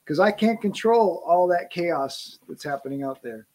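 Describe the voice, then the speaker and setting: A man's voice: high voice, lively intonation, normal speed, a little mellow. A middle-aged man hosting a podcast, talking earnestly in casual conversation and often restarting his phrases. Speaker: podcast host.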